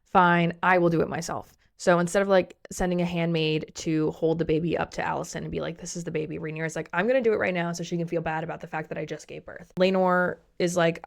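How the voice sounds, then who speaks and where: A young woman giving a casual, gossipy recap of a TV series, swearing freely and acting out the characters' lines in quick asides. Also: on the low side, creaky.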